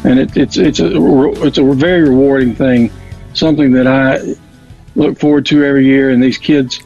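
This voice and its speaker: A man's voice: medium pitch, fairly even intonation, normal speed, darkish tone. A man making a casual on-air appeal for donations, rambling and often repeating his words. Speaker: radio guest appealing for donations. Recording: dull lo-fi audio with faint music.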